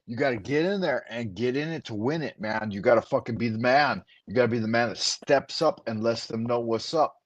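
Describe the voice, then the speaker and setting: Husky-voiced guy, swears a ton, rambles like a pep talk, dry close sound. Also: mid-range voice, dry recording. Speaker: host. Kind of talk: casual podcast chat.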